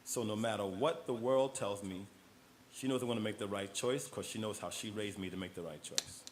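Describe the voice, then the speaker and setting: A man from New York talking as an interview guest, relaxed and storytelling, often laughing. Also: lowish voice, fairly quick, a little hiss or hum. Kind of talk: casual interview conversation.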